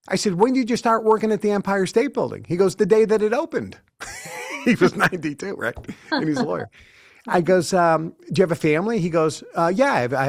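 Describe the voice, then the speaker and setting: A fairly high-pitched man in his sixties, recorded with no room sound, is a guest in a studio interview. His stories run long, and he dramatizes the quoted dialogue as he goes.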